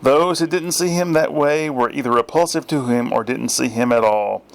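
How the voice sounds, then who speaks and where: A middle-aged man reading his own first-person story aloud in a dry, deadpan manner. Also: medium pitch, moderate pace, gravelly.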